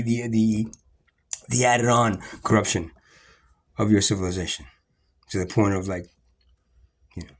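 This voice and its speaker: A man ranting in an agitated, rambling, profane monologue to camera, full of restarts. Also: on the low side.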